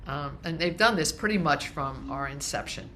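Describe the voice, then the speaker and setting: Low, bright-voiced woman minister. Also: moderate pace, slight background noise. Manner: light-hearted, conversational, with restarts. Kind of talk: sermon. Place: congregation meeting hall, also streamed.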